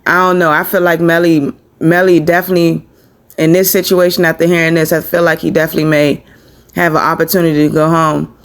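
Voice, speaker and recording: A man talks through a court case in loose, rambling commentary. His voice sits a bit high for a man, and he keeps restarting his sentences. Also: flat delivery, fast, a bit bright, clear, resonant tone. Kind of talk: casual commentary.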